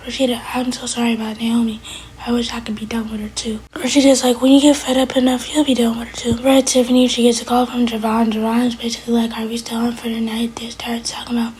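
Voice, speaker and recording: A woman racing through a recap of a TV episode, her slightly high voice staying in a narrow, even band. She relays what each character says one line after another, in a casual, chatty vlog delivery. A faint hum of room noise sits underneath. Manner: rapid retelling, quoting characters with "she's like". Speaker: TV recap vlogger.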